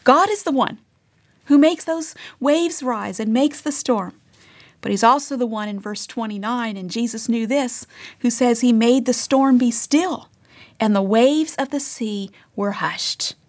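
A woman giving a devotional Bible teaching, earnest, reading passages aloud and dropping to a hush for emphasis. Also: a little high, unhurried.

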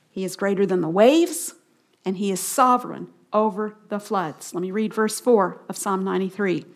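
A middle-aged woman giving a Bible teaching on a radio program, leading listeners in slow call-and-response repetitions of key phrases. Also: medium pitch.

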